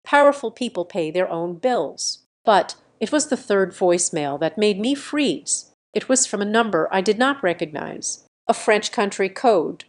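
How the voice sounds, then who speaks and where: A woman narrating a scripted first-person story in a steady, measured way. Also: medium pitch.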